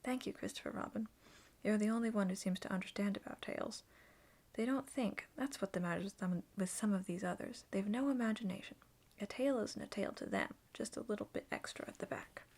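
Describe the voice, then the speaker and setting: A woman voicing a gloomy, self-pitying old male donkey in a slow, mournful drawl, in whispered role-play for a storybook. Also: medium pitch, animated, darkish tone.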